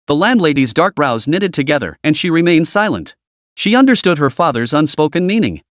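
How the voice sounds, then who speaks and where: A man's voice: on the high side, fairly quick, dry recording, studio quality. A man narrating a dramatic story recap in a scripted reading voice. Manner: lively storytelling, reads all characters' lines himself.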